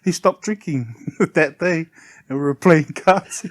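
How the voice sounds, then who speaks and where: A middle-aged man, a podcast guest telling heartfelt personal stories in a soft, unhurried way and often laughing. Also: a little high, no echo. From New Zealand. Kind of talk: casual chat, personal storytelling.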